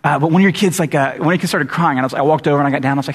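A man preaching a sermon in a church, talking in a conversational, lively storytelling way with many fillers. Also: on the high side, racing, breathy edge. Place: church sanctuary. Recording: long reverb of a church hall.

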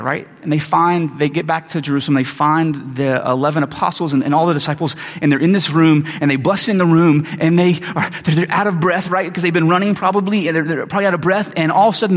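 A man preaching a sermon as a pastor, retelling the story in a loose, joking way with casual asides. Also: fairly high pitch. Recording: long hall reverb.

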